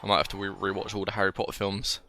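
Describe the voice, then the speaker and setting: A man's voice: low voice, completely flat delivery, very fast, bright, forceful tone, slight background noise. A young man with a cold, rambling casually as he plays a video game and talks to the game as he goes. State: slightly ill, coughing. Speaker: gaming channel host. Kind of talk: casual let's-play commentary.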